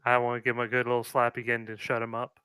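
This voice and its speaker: Male player, crisp and bright, casual and matter-of-fact, dry close sound. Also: mid-range voice, monotone, fast, no echo. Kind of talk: playing a tabletop game.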